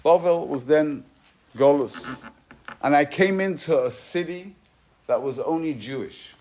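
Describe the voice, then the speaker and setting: A man with a somewhat high voice gives a Torah class as a rabbi. He retells an old story emphatically, his loudness swinging from hushed to forceful. He weaves Hebrew and Yiddish terms through his English. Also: a little slow, a little hiss or hum. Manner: emphatic, swings between loud and soft. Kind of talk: sermon.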